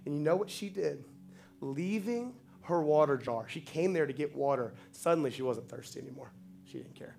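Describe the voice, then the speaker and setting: A man delivering a heartfelt sermon in a slightly high, gravelly voice. He speaks with conviction and rises into insistent, repeated calls to his listeners. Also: expressive, normal speed, a little mellow, soft background music. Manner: passionate, builds to emphatic repetition. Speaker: pastor.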